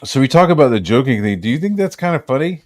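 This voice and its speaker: A man's voice: mid-range voice, big pitch swings, fast, a little mellow, no room sound. A man hosting a loose podcast chat, telling stories that wander through fillers and casual swearing. His voice sits in the middle range, and the recording is dry and close with no room sound. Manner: rambling, filler-heavy storytelling. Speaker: podcast host.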